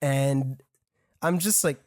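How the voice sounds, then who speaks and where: A man's voice: medium pitch, slow, darkish tone, no echo. Young man, French accent, rambling and swearing, casual podcast storytelling, dry close sound. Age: 20s. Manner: rambling, profane, laughing often. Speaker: podcast guest.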